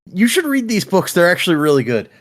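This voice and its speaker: Man, lively pitch, friendly, laughs often, casual podcast host. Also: quick pace. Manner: animated, laughs a lot, friendly. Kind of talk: casual book-club chat.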